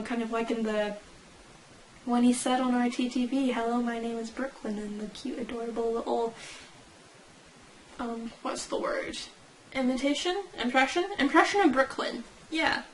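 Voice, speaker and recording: A woman's voice: a little high, a little hiss or hum, poor audio. A young woman chatting casually at home in a rambling fan reaction vlog, often correcting herself. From United Kingdom. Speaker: vlogger. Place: at home, indoors.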